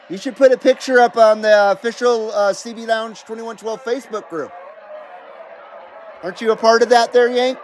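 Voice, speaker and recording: Fifties guy w a highish voice doing a chill cb radio livestream, jokey, faint hiss behind. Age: 50s. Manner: laid-back, jokey, talks to viewers and calls out on air. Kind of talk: casual live-stream chat.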